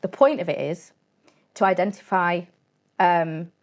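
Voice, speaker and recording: A fairly low-pitched woman speaking as a guest in an interview. She talks casually and directly and acts out snippets of dialogue. Her manner stays chatty and straight-talking throughout. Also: unhurried. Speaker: guest, cybersecurity company CEO.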